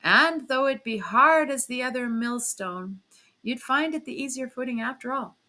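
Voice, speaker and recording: A woman voicing a blustering, hearty young gentleman who speaks loudly and teasingly to his wife. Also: sits high, expressive, moderate pace. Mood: boisterous. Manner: loud, teasing, boastful.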